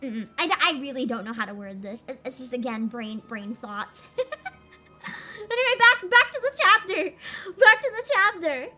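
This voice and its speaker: A woman's voice: sits high, big pitch swings, normal speed, bright, forceful tone, faint music behind. A young woman streamer chatting casually and rambling with giggles, playful with her voice. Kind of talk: casual chat over a game stream.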